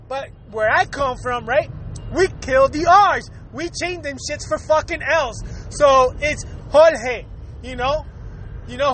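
A man from Puerto Rico in a casual, profane monologue, talking fast, swearing freely and laughing often. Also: extremely high pitch, fairly bright tone, a little hiss or hum, low-quality recording.

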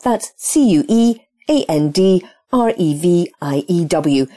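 A woman announcer reading a scripted notice, spelling out contact details carefully and clearly. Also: lowish voice, lively intonation, takes it slowly, warm tone. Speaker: podcast announcer.

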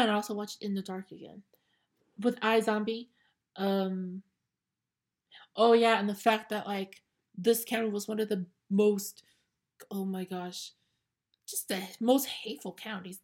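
A woman's voice: medium pitch, unhurried, long pauses. Blunt, sassy young woman ranting. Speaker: podcast host reacting to clips. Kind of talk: casual ranting commentary.

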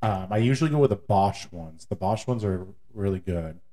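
A man co-hosting a casual podcast, talking in an easygoing, rambling way. His voice sits a little low with a mellow, dark tone. He pauses on fillers while he explains things at length. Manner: relaxed, rambling, many fillers. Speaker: podcast co-host. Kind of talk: casual chat.

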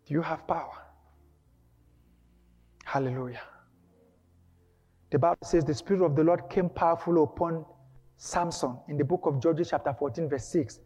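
A male preacher delivering an emphatic, dramatic sermon, breaking into shouts. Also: on the high side, steady tone, fairly quick. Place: church hall. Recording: dull lo-fi with long hall reverb.

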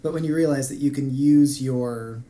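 A man's voice: medium pitch, moderate pace, mellow. A man co-hosting a podcast, chatting casually about a video game and talking in a hesitant way with many restarts. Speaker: podcast co-host.

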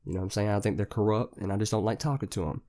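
A man's voice: on the low side, steady tone, very fast, dark tone. A young man hosting a podcast, telling a rambling story in casual, slang-heavy, profane talk. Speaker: podcast host.

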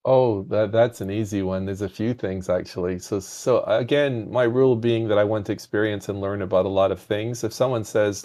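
A man, a podcast guest, telling animated anecdotes with a softened foreign accent, often repeating words as he starts sentences. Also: fairly low pitch, a little fast. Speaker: podcast guest, game industry founder. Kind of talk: conversational storytelling.

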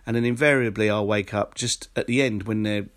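A man's voice: lowish voice, fairly even intonation, fairly quick. A man hosting a solo podcast, reading out listener answers with sarcastic, exasperated asides. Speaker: podcast host.

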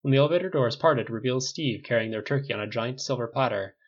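A man reading a story aloud in steady, even narration, on a dull lo-fi recording. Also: medium pitch, fast, husky. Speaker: reader. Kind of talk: audiobook narration of fan fiction.

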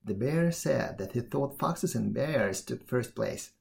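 Gravelly, expressive male storyteller. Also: mid-range voice. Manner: expressive, measured reading. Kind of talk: storybook narration.

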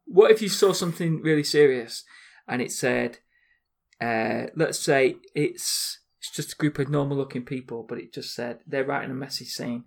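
A man's voice: medium pitch, gravelly, darkish tone. A man in a casual chat, teasing his co-host and telling stories with frequent laughs. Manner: teasing, storytelling, quick to laugh.

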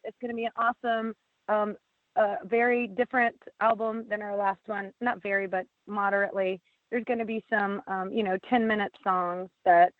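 A woman's voice: mid-range voice, no echo. Blunt woman on a tinny phone line. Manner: blunt, swears freely, lots of fillers. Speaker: band lyricist and singer. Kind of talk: casual interview answers.

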